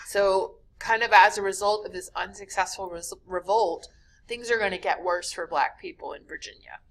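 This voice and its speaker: A woman teacher giving a recorded history lecture over slides, talking casually with many fillers and quick self-corrections. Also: mid-range voice, fairly bright tone. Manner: casual, many "um"s, corrects her own slips. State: yawning, sleepy.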